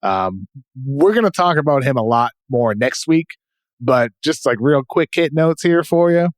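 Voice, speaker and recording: A man with a New England accent hosting a podcast, running through quick notes and correcting himself. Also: medium pitch, lively intonation, no echo. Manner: brisk rundown of notes, self-correcting. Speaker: podcast host. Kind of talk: casual podcast segment hosting.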